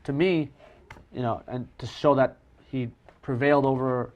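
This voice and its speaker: A professional magician chatting casually, self-deprecating and full of restarts. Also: male voice, medium pitch, fairly even intonation, moderate pace, lo-fi sound. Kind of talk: casual conversational chat.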